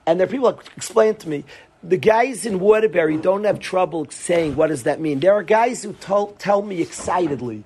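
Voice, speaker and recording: A man's voice: high voice, moderate pace, darkish tone, a little hiss or hum. A man, a rabbi, giving an earnest Torah lecture to yeshiva students, often repeating phrases for emphasis.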